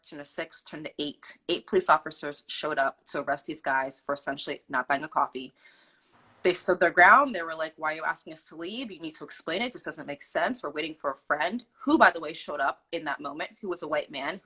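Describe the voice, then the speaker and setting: A young adult woman telling a personal story in an interview, animated and quoting people as she goes. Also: low voice, brisk, breathy edge, poor audio. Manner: animated, acts out quotes with fillers like "like". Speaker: guest telling her story. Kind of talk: candid storytelling.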